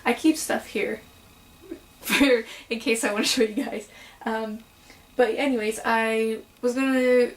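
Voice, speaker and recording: A young woman chatting casually to camera at home about her crochet projects, with frequent "um"s and "so"s and quick apologies. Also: a little high, fairly even intonation, rough recording. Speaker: crochet vlogger. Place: home room.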